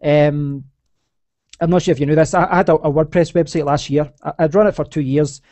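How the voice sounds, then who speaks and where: A man's voice: on the high side, fairly even intonation, fairly quick, darkish tone, no room sound. A young Scottish man hosting a casual podcast chat, talking in a rambling way with many restarts. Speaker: podcast host.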